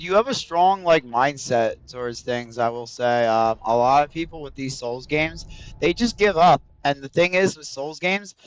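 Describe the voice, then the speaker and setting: Man, game streamer, fairly high voice, casual rambling chat, swears freely. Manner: rambling, profane, talks straight to chat. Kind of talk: casual livestream chat with viewers.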